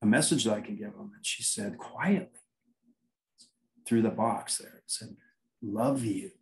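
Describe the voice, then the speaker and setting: A man's voice: lowish voice, normal speed, vocal fry, rough recording. A man, a paranormal investigator, telling anecdotes in a casual interview, rambling and acting out quoted dialogue.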